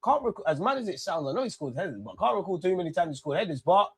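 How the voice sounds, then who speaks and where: A man reacts live to a football match, ranting and swearing in an excitable stream. His voice sits high for a man. The sound is dry and close to the mic, with no room echo. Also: fast talker, breathy edge. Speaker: watch-along host. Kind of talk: live football watch-along commentary.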